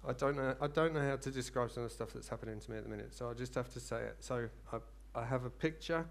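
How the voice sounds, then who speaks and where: A man preaching a sermon, earnest and rambling, rising into fervent excitement. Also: medium pitch, fast, creaky.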